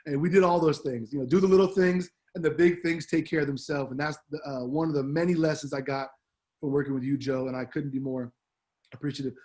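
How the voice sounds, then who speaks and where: A man's voice: fairly high pitch, fairly even intonation, fast, a little mellow. Heartfelt man giving a slangy farewell. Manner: upbeat, slangy, heartfelt with many fillers. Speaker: departing assistant principal. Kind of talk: farewell speech on school announcements.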